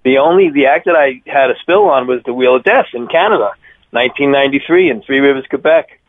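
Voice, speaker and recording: A man in his fifties with a thick Long Island accent, telling his circus stories in an energetic, rambling way as a radio interview guest. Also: mid-range voice, fairly quick, no room sound. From Long Island, New York. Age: 50s. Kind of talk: phone interview. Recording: tinny phone line.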